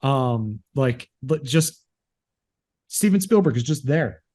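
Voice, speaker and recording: Halting man gushing over a film. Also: mid-range voice, lively intonation, dark tone. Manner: halting, many fillers and repeated words. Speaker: podcast co-host. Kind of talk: casual chat.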